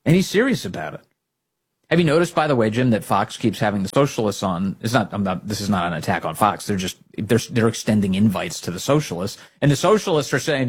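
A man hosting a political talk show, animated and sarcastic, often mocking opponents. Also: mid-range voice, quick pace, husky. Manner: animated, sarcastic, mocks opponents in put-on voices. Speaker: radio show host.

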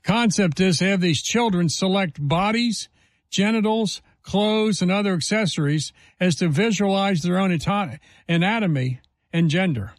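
A man's voice: high voice, moderate pace, no room sound. A man hosting a talk radio show, delivering an emphatic, indignant monologue full of rhetorical questions into a studio microphone.

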